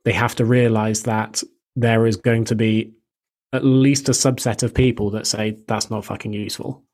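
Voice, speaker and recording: Flat-voiced man explaining nutrition. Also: mid-range voice. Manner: measured, explanatory, even delivery. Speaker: fitness and nutrition coach. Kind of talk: podcast discussion, answering questions.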